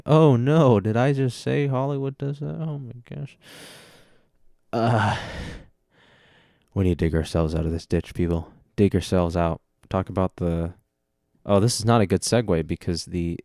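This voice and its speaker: A man's voice: low-pitched, darkish tone, dry recording. A young man hosting a podcast on his own, rambling casually with jokey, self-deprecating asides into a close dynamic microphone. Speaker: podcast host. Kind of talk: solo casual chat.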